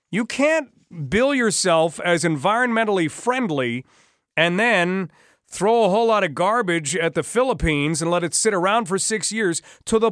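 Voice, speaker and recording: A man's voice: high voice, expressive, unhurried, fairly bright tone, no echo. Wry male radio host, dry studio sound. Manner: wry, incredulous, asks many rhetorical questions. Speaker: radio talk show host. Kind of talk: radio talk show commentary.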